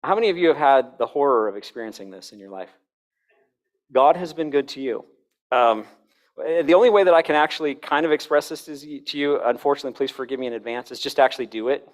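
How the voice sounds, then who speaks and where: A middle-aged man lecturing at a Christian conference, his voice sitting at an ordinary middle pitch. He talks conversationally, slipping in wry, self-deprecating jokes, and sometimes demonstrates tones of voice or sings a line to make a point. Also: fast talker. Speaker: conference speaker. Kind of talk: Christian worldview conference talk.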